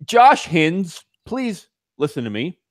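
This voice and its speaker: A man hosting a casual podcast, animated and laughing, with mock exasperation. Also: high voice, takes it slowly, dry recording, clean studio sound. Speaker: podcast host.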